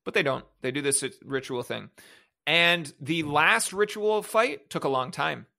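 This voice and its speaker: A man's voice: fairly high pitch, lively intonation, a little slow, vocal fry, sharp tone. A man co-hosting a podcast, giving a sarcastic, mocking play-by-play recap of a movie in casual chat. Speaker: podcast co-host.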